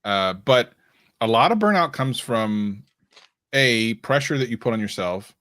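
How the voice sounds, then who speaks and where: A man's voice: medium pitch, animated, measured pace, a bit bright. A man co-hosting a casual livestream question-and-answer session, chatty and jokey, with many fillers and restarts. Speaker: co-host.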